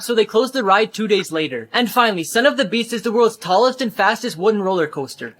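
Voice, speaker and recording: A woman giving brisk, matter-of-fact scripted narration for comedy skits. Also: medium pitch, fairly bright tone. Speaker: comedy skit creator.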